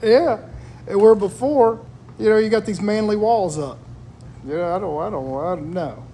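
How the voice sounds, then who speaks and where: Earnest high-voiced man chatting. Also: moderate pace, warm tone, a little hiss or hum. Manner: earnest, reflective storytelling. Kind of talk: casual chat.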